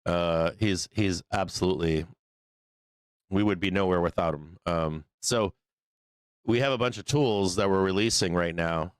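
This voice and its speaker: Male host, deep and smooth but going hoarse from illness, loose rambling delivery with fillers. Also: no echo. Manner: rambling, many fillers and restarts, hums to himself. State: losing his voice, still sick. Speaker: live stock market show host. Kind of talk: casual live-stream chat.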